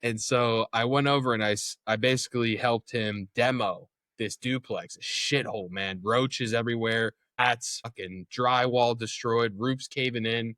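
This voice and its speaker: A man's voice: medium pitch, steady tone, moderate pace, few pauses, bright, forceful tone, no echo. A young man as an interview guest, telling his story in a candid, casual way, swearing freely and acting out what others said.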